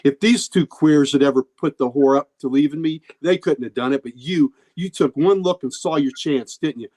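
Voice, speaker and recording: A man doing a cruel old father who snarls and taunts, pushed well above his own register and louder. He is bitter, foul-mouthed and crippled by a stroke. The abuse comes out in sneering bursts. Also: fairly high pitch, normal speed, pitched above the performer's own voice, lightly acted. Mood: venomous.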